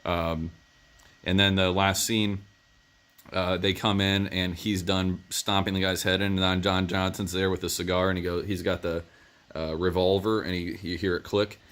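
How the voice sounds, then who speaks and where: Deep-voiced man rambling through a movie review. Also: level tone, moderate pace, fairly bright tone. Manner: rambling plot retelling with many fillers.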